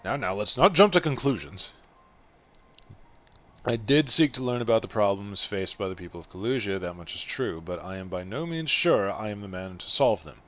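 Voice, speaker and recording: A man voicing an earnest middle-aged male game character, a would-be mayor, speaking in a measured, formal, modest way with a faint put-on Scottish lilt. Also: fairly low pitch, animated, fairly bright tone.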